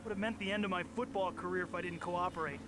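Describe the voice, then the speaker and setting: A man's voice: high-pitched, steady tone, very fast, noisy background, natural voice. An actor playing a young male football player in a video game, speaking bluntly and matter-of-factly. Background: game music.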